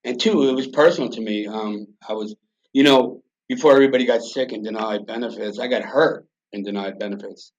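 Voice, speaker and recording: A middle-aged American man with a lowish voice talks a little fast as a podcast guest. He tells a personal story bluntly, profanely, and emotionally, and the recording has a dull lo-fi sound.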